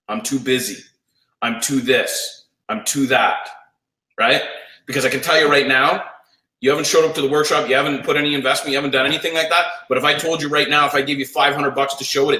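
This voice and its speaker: A man coaching a live audience in a blunt, profane, rapid-fire pep talk. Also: mid-range voice, bright, forceful tone. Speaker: sales coach. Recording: roomy echo.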